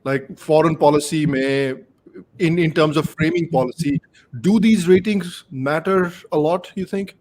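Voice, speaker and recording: Higher-voiced man hosting a podcast. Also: measured pace, darkish tone. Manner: laughs easily, mixes in Hindi phrases. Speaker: podcast host. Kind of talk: casual panel chat.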